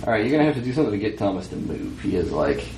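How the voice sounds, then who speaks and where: A man narrating a tabletop horror game as game master, pausing often to search for words. His voice sits in a middle range. The recording is echoey, with a faint hiss. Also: on the low side, sing-song, a little mellow. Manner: hesitant, filler-heavy. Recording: echoey room, faint noise.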